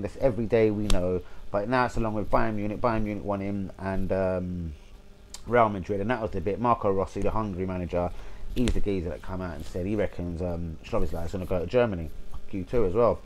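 Sweary bloke rambling about football. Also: male voice, fairly low pitch, a little hiss or hum, low-quality recording. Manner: rambling, swearing, forgetful asides. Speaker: football fan vlogger. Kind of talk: casual sweary football chat.

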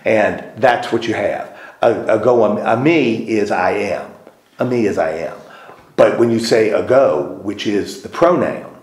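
In a church meeting room with roomy echo, a man leads a group Bible study, asking questions and repeating the group's answers. His voice is fairly low, a little mellow, and unhurried.

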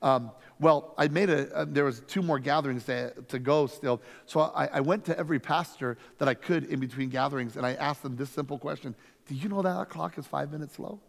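A man, a lead pastor, teaching a conference workshop through energetic, emphatic stories. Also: a little high, a little fast, vocal fry. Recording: long reverb from a hall.

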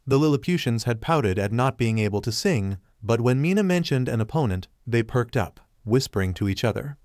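A man narrating a fanfiction story in an even storybook reading manner. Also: mid-range voice, brisk, few pauses, dry recording, studio quality.

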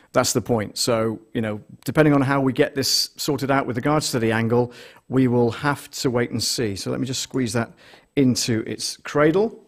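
A man hosting a casual live stream, thinking aloud as he sets up gear and counts numbers into a close desktop condenser mic in a small studio. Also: medium pitch. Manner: rambling, thinks aloud while setting up gear. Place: small studio with a mixing desk. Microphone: desktop condenser microphone, close.

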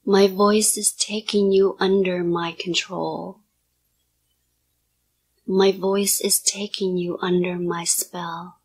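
A woman hypnotist in a whispered role-play, giving soft, repetitive hypnotic commands in a partly whispered voice. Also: medium pitch, husky.

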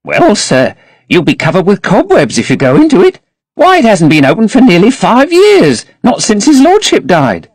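A man voicing a fussy, garrulous old female housekeeper with a high, fluttering, fussing way of talking. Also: wildly swooping pitch, normal speed, no room sound, full character voice.

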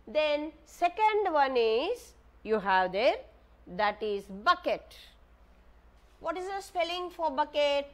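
Primary teacher, woman with an Indian English accent, high voice, slow and patient, spells each word for small children. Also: sing-song, fairly bright tone. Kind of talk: online maths lesson for young children.

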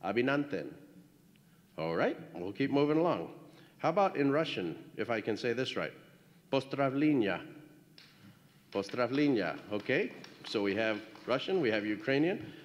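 A man giving a ceremony speech at a graduation, playfully trying out congratulations in many languages before warmer closing words. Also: mid-range voice, sing-song, normal speed. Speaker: school official addressing graduates. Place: large hall at a graduation ceremony. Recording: echoey hall, dull lo-fi sound.

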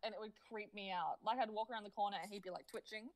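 An Australian woman co-hosting a relaxed live stream. She talks in an easygoing, teasing way and laughs along often. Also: mid-range voice, very fast, low-quality recording. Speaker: co-host. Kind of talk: casual live-stream chat.

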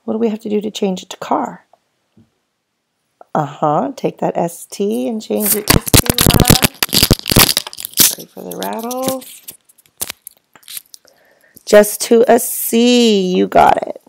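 Brief: patient first grade teacher, woman, slow deliberate delivery, low and gravelly. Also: heavy background noise. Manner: slow, clear, patient teacher voice with drawn-out words; speaks as if to children answering off camera. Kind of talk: phonics lesson for young children.

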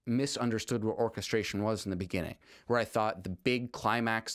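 Man, low-pitched voice, dry close sound, casual rambling lesson, enthusiastic. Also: dry recording. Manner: rambling, with frequent restarts and fillers. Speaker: composer teaching on a video channel.

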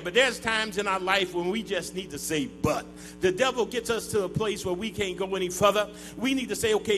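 A male pastor preaching a sermon in call-and-response style, building to shouts and chanted, sung-out lines in a church. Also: sits high. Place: church sanctuary.

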